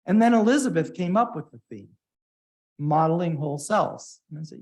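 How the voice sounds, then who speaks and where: A man's voice: on the high side, expressive, moderate pace, a little mellow. A man hosting a hybrid science conference, telling a casual story to the audience with fillers and playful quoted voices. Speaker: meeting organizer and moderator. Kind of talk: conference talk to a live audience. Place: hybrid conference meeting room.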